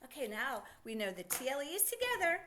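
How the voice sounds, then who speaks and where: A high-voiced woman teaching a children's phonics lesson, her pitch swinging up and down as she sounds out syllables slowly. She keeps the children involved with a steady run of encouraging questions, and her tone is clear and bright. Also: slight background noise. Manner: encouraging, asks many questions.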